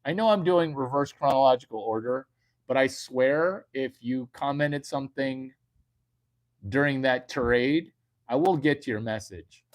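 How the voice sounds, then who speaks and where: Slow, rambling comedian. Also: male voice, medium pitch. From United States. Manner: crude, rambling, repeats punchlines. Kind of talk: comedic monologue to online viewers.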